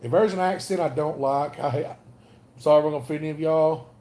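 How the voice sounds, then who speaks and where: A man's voice: fairly high pitch, a little fast, warm tone. A man with a Southern Alabama accent, rambling casually and greeting viewers by name on a livestream. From North Alabama. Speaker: livestream host.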